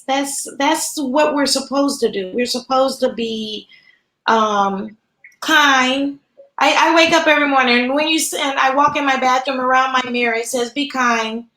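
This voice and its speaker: Woman, 50s, pastry chef guest, high voice, earnest and warm, echoey remote recording. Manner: warm, heartfelt, many fillers. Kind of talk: casual interview chat. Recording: echoey room.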